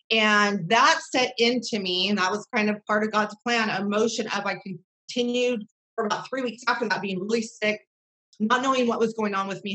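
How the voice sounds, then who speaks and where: A woman's voice: mid-range voice, bright, forceful tone, rough recording. A woman in her thirties, a podcast guest, telling earnest personal stories in a rambling way, with many fillers and restarts. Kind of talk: heartfelt casual storytelling.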